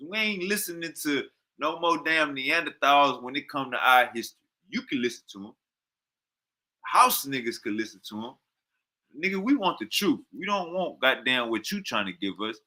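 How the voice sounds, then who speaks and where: A man's voice: mid-range voice, expressive, moderate pace, bright, forceful tone. A man, reacting to a video in heated, profane, repetitive commentary. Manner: heated, profane, slangy, repeats himself. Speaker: reaction streamer.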